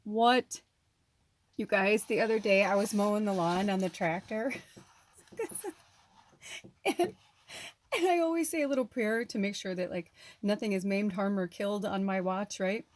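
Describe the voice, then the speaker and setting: A woman's voice: medium pitch, moderate pace, pauses often. Gushing chatty woman medium. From US West Coast. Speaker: spiritual medium and tarot reader. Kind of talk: casual vlog unboxing. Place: at home, off-grid.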